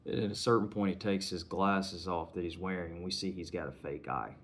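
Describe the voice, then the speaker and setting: Deep-voiced man casually reviewing a film. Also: fairly quick, few pauses, a bit bright. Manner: retells scenes conversationally, acting out lines in passing.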